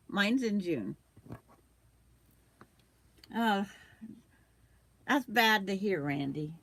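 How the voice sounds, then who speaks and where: A woman's voice: mid-range voice, animated, very slow, long pauses. An older woman hosting a quilting livestream, chatting casually with viewers while she sews and trims fabric, with the hiccups.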